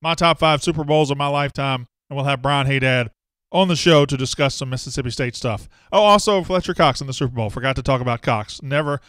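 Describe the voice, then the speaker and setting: A man's voice: mid-range voice, fast talker, a bit bright, dry recording. Chatty man hosting sports talk. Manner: rambling, self-deprecating, reads viewer comments aloud. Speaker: sports show host. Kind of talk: casual live-stream sports talk.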